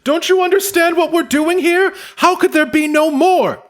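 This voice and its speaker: A man voicing an indignant female gnome scholar who yells in shrill exasperation. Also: moderate pace. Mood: outraged.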